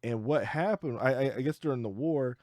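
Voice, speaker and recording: A man co-hosts a podcast, chatting casually, rambling and joking, and acting out the people he quotes. His medium-pitched, slightly mellow voice moves fairly quickly, recorded on a studio mic with clean sound and no room noise.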